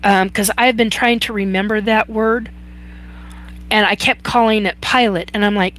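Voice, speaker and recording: A woman hosting a live chat, telling a personal story in a halting way with many fillers and restarts. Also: mid-range voice, a bit bright. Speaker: host.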